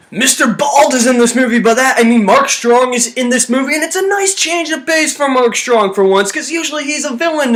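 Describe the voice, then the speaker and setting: A man with a high voice chatting through a movie review. He rambles excitedly and swears freely, talking straight to his viewers. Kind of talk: casual spoken movie review.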